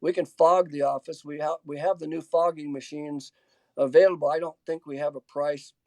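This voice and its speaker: A man answers audience questions over a video call. His voice is mellow and a bit high, heard dry and close. He stops, restarts and fills gaps as he reads the questions out. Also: fairly even intonation, normal speed, gravelly, dry recording. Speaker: webinar speaker answering questions. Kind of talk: casual Q&A in a webinar.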